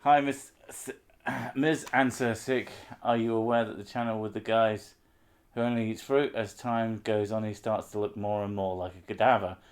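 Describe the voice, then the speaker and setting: A man's voice: fairly low pitch, fairly even intonation, moderate pace. A man hosting a live stream, chatting casually and rambling through self-mocking asides.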